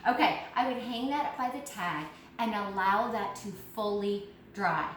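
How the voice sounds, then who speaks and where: A woman runs a lively cleaning demo at her kitchen sink, leaning on key words and asking her listeners questions directly. She sounds set back from the mic, her voice bouncing around a very echoey room over a faint hiss. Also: fairly high pitch, normal speed, recorded from a distance. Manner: animated, emphatic, addresses audience directly. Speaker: product demonstrator. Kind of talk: live cleaning product demo.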